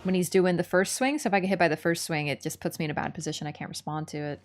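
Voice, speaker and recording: A woman's voice: fairly low pitch, steady tone, racing. A woman streamer chatting casually and ranting as she plays, swearing freely. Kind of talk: casual gameplay commentary. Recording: game music playing under the voice.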